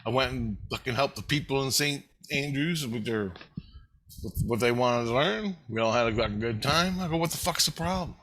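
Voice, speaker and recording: An angry man tears through a rambling, profanity-laced monologue. His voice is bright and forceful, and his pitch sits in an ordinary middle range. He swears at nearly every turn. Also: moderate pace. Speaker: vlogger.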